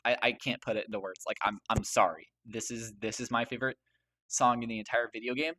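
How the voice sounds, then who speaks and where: A man's voice: mid-range voice, fairly even intonation, fairly quick, pushed and bright. A young man gushing over a soundtrack in casual commentary, stammering and restarting with many fillers. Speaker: video host ranking a game soundtrack.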